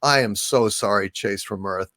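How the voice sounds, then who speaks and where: A man hosting a casual livestream, thanking viewers by name in a soft, halting way. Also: fairly low pitch, no echo, studio quality. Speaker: livestream host. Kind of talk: casual livestream chat, reading viewer donations.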